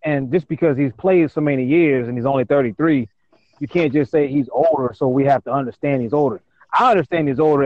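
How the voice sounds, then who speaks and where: A man's voice: mid-range voice, dry recording, muffled recording. A man in a casual sports debate, emphatic and often repeating words as he starts a point. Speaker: panelist.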